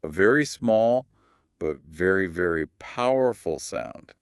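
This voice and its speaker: Low-voiced guy teaching english, slow and calm, lots of melody in it. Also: clear, resonant tone, dry recording, studio quality. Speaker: podcast host, English teacher. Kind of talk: scripted teaching dialogue.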